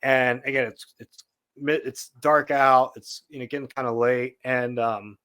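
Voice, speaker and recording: A man's voice: mid-range voice, a little slow. Man telling a tense story on a podcast. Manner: animated storyteller, acts out quotes. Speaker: podcast guest. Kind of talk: casual storytelling.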